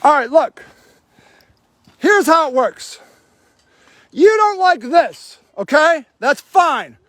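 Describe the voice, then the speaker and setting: Brief: high-voiced angry man, dry close phone mic, yelling accusations at officials. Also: big pitch swings, slow pace, no room sound. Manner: shouting, furious, accusatory. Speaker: homeless advocate livestreaming. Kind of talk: angry confrontational livestream. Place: outdoor homeless camp in snow.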